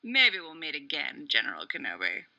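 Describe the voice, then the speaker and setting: Woman reading a taunting male soldier, sing-song and cocky, lively pitch, very bright tone. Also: normal speed, highs cut off, heavily acted.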